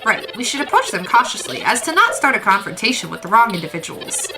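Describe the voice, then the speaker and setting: A woman's voice: a little high, big pitch swings, fast, low-quality recording. A woman voicing a polite, formal robot companion with old-fashioned wording, reading game dialogue while she plays. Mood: earnest. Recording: game music behind.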